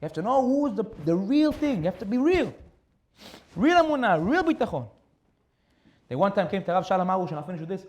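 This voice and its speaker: A man's voice: high voice, a little fast, long pauses. A man giving a sermon as a rabbi, telling stories animatedly and repeating key phrases for emphasis. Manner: animated storytelling with repetition for emphasis.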